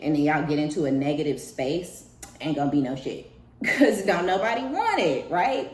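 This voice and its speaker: A woman giving a casual spiritual reading in a profane, animated way. She jumps into high mocking voices and laughs often. Her voice carries an echoey room sound. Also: moderate pace. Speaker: tarot reader.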